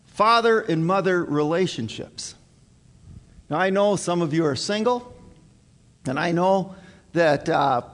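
A male pastor preaching a sermon to his congregation in an earnest, emphatic way, repeating his key points. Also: high-pitched. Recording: long hall reverb.

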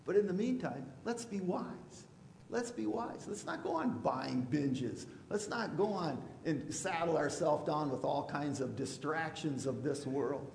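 A man preaching a sermon as pastor, now and then mimicking loud objectors. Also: on the high side, lively intonation, measured pace, vocal fry, hardly any pauses, slight background noise. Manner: preachy, rising to loud mocking voices for imagined objectors. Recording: echoey hall with long reverb.

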